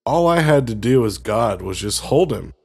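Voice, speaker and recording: A laid-back man with a gravelly, fry-edged voice rambles through a story in casual conversation. His tone is easygoing and joking as he talks with a co-host. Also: mid-range voice, lively intonation, normal speed. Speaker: podcast co-host. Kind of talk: casual chat.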